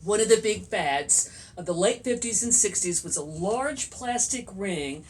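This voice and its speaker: A woman's voice: medium pitch, animated, measured pace, darkish tone. A woman with an Ohio accent hosting a casual library trivia chat, playful and giggly. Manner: playful, giggly, sings out bell sounds. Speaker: library host.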